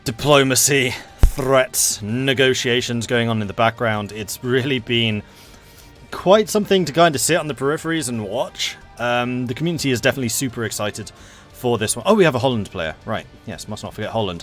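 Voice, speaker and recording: A man's voice: medium pitch, animated, a little fast, fairly bright tone, faint music behind. A man hosting and commentating a multiplayer strategy game stream in a chatty, enthusiastic way. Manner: chatty, enthusiastic, laughs easily. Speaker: game match commentator and host.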